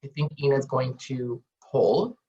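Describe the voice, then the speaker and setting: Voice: medium pitch, measured pace, warm tone. Webinar counselor, earnest and encouraging, heard through a dull, roomy laptop mic on a video call. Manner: earnest, encouraging, rhetorical questions. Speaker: webinar presenter on mental health. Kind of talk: live webinar talk. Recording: echoey, distant, dull laptop audio.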